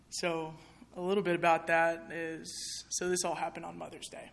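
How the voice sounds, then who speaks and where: A woman's voice: lowish voice, little pitch movement, moderate pace, vocal fry, hardly any pauses. A young woman speaking candidly to an audience in a chapel, sharing a personal testimony in a conversational way with many fillers.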